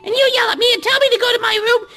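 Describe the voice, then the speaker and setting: A woman voicing a playful, childish male sock puppet who rambles and jokes mischievously, in a squeaky, gravelly voice. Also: steady tone, racing, music in the background.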